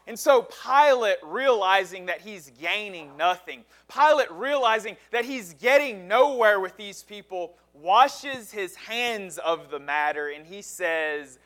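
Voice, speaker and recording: Slow-speaking high-voiced male preacher. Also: animated, a bit bright. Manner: dramatic storytelling, emphatic lists. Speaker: pastor. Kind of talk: sermon.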